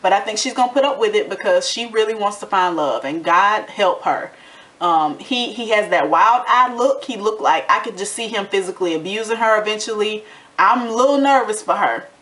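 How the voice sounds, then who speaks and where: A woman talks through a reality TV episode in a sassy, chatty way, now and then acting out lines from the people on the show. Her voice sits at a middle pitch. She sounds like a casual vlogger talking straight to her viewers. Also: moderate pace. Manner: animated, sassy commentary with acted-out quotes. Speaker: TV recap vlogger.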